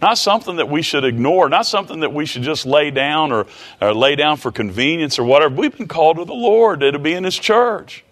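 A man's voice: fairly high pitch, expressive, fairly quick, a bit bright. A man preaching a sermon in a folksy, repetitive way, often chuckling.

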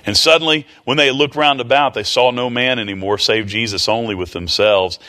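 Male preacher, folksy sermon delivery, repeats himself, average pitch. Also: steady tone, brisk, sharp tone. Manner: folksy, repeats phrases, chuckles often.

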